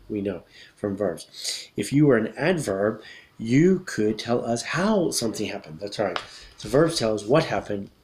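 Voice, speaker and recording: A man from America, reading a children's book aloud as an English lesson, slowly repeating key words and chuckling often. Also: on the low side, rough recording.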